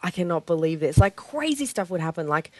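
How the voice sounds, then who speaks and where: Fast-talking young woman telling a story. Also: lowish voice. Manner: chatty, animated storytelling with "like" and acted-out quotes. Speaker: guest sharing a testimony. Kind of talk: casual chat.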